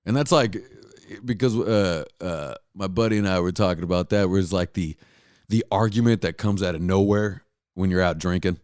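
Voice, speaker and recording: Low-voiced man ranting, profane and rambling. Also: moderate pace, darkish tone, clear, resonant tone, no room sound, studio quality. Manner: rambling, profane, many restarts; blunt, exasperated storytelling. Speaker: podcast host. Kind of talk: solo comedic rant.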